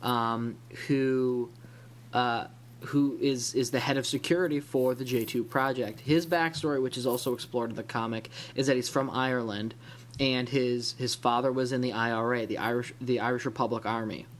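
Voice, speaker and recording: Rambling through a laid-back comic book podcast, this host from the Illinois-Wisconsin region restarts often and leans on fillers. He speaks in a steady, mid-range voice at a moderate pace.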